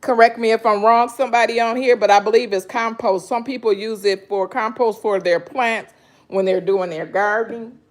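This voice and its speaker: A woman's voice: a little high, fairly even intonation, moderate pace. A woman chatting casually with viewers on a live stream while she cuts fruit and juices in her kitchen, greeting people by name and laughing often. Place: home kitchen.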